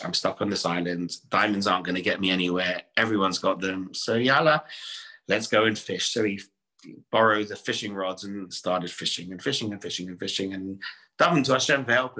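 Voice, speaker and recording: Bright-voiced rabbi telling a parable. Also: male voice, on the low side. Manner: animated storyteller, exhorting. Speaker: rabbi teaching a class. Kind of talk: storytelling Torah class.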